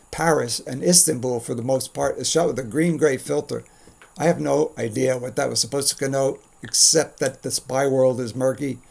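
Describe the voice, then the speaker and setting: A man's voice: mid-range voice, creaky, a little mellow. A man hosting a scripted commentary monologue, delivered in a dry, wry, opinionated way. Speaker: commentary host.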